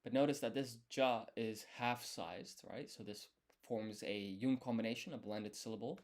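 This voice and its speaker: Speaking at a normal speed in a lowish voice, a language learner streams his study session. He thinks aloud as he works, walking through each step and quizzing himself under his breath.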